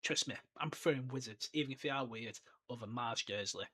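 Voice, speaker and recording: A man's voice: medium pitch, fairly quick, pushed and bright, slightly rough. A young man hosting a solo podcast, chatting enthusiastically and rambling off on tangents. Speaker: podcast host. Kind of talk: casual solo podcast book discussion.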